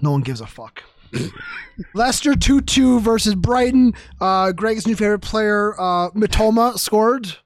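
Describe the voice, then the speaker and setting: A man co-hosting a football podcast, briskly reading results with a joking, profane edge in casual chat. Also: high-pitched, lively intonation, no echo, studio quality. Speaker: podcast co-host running through results.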